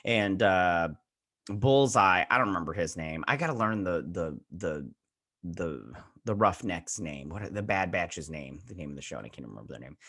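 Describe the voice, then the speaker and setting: A man's voice: low voice, expressive, moderate pace, a bit bright, slightly rough. A man hosting a review show, recapping an episode in a loose, rambling way full of fillers and paraphrased quotes.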